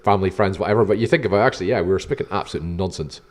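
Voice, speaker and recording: A man's voice: low voice, racing. A man, a podcast co-host joking around in casual chat, often stumbling over his words. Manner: joking, hesitant with restarts.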